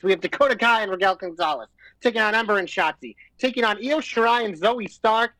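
A man co-hosting a podcast in casual chat, talking in a relaxed, matter-of-fact way. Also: sits high, quick pace, dry recording, rough recording. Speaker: podcast co-host.

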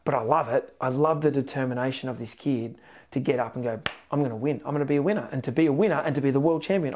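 A man with an Australian accent hosting a motivational podcast, telling stories energetically with sudden excited rises. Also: medium pitch. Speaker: podcast host, weight loss coach.

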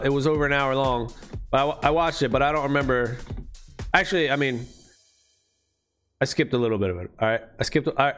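Casual male host, high-pitched, loose and profane, faint music underneath. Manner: loose, profane, excitable rambling. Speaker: crypto gaming channel host. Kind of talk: casual screen walkthrough commentary.

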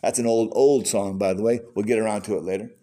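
A man preaching a sermon as pastor, folksy and animated, with conversational asides. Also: on the low side, fast talker.

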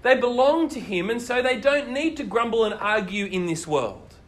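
Male preacher, high voice, lively storyteller. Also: normal speed. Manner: animated storytelling, asks the listeners questions. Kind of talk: sermon.

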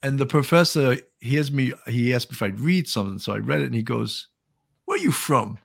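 An older man with a Long Island New York accent, a retired police officer hosting a show, telling stories in animated casual chat and laughing often. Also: mid-range voice, fast talker, creaky.

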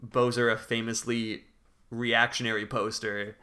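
A man's voice: mid-range voice, level tone, measured pace, sharp tone, smooth. A man casually telling a long internet story on a podcast, reading forum posts aloud. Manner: reads forum posts aloud, breaking into laughter.

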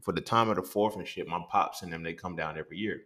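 Thirties guy on his podcast, low voice but bright and forceful, cussing, keeps asking if you feel him. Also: fast. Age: 30s. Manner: animated storytelling, swears freely, jumps into high-pitched quoted exchanges; slang-heavy, keeps asking "you feel what I'm saying". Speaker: podcast host. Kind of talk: casual monologue.

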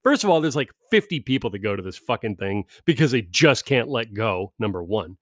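A middle-aged man on a podcast, ranting sarcastically and swearing constantly, mocking people in high put-on voices. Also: big pitch swings, fairly quick, a bit bright, dry recording, studio quality. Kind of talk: profane comedic rant. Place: California.

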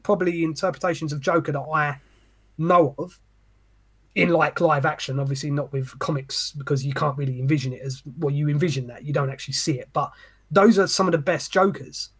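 Guy on a podcast, kinda husky, bit high, swears a ton, goes off on a rant. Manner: animated, sweary, ranting. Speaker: podcast co-host. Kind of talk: casual chat.

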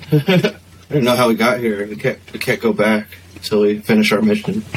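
A fairly low-voiced man chats as a guest on a podcast, easygoing and quick to laugh. His jokes come loose and friendly. There is clear background noise on the recording. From Philippines heritage. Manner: easygoing, laughs a lot, jokey. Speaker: guest, band member. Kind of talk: casual podcast chat.

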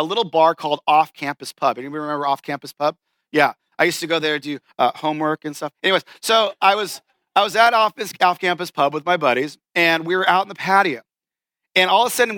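A man's voice: fairly high pitch, pushed and bright, no room sound. A man in his forties giving a casual, story-driven sermon in a church, acting out the people he quotes. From Southern California. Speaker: pastor.

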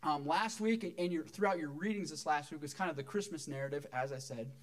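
A pastor, a man with a notably high voice, delivers a relaxed, conversational sermon in church. He jokes with the congregation as he teaches. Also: a little fast.

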